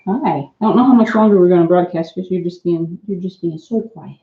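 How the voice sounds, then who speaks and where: A woman at home streams live with her pet parrot. She coaxes it over and over in a lilting, baby-talk voice and drops into relaxed, chatty asides for her viewers. The sound is echoey and a little dull, like a home room caught on a basic stream mic. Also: lowish voice, fairly quick.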